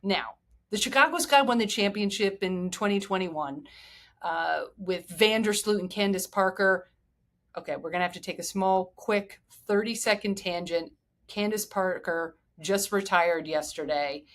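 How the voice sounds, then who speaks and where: An excited woman in middle age hosts a sports podcast on her own. She talks eagerly and goes off on heartfelt tangents, her voice pitched right in the middle. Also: measured pace. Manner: enthusiastic, digressive, emotional. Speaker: podcast host. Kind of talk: solo sports podcast talk.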